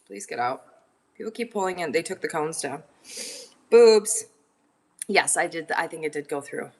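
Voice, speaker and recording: A woman's voice: sits low, lively intonation, moderate pace, darkish tone. A woman hosting a live selling stream, chatting casually with viewers in a rambling, teasing way. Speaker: live-stream seller host.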